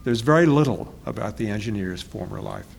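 Author interviewee, male, lowish voice, thoughtful and halting, faint background noise. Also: animated, creaky. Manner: halting, searching for words, self-correcting. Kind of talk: reflective interview talk.

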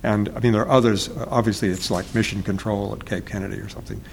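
A man being interviewed as an author, speaking in a halting, reflective way and often searching for words. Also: on the low side, fairly even intonation, vocal fry, slight background noise.

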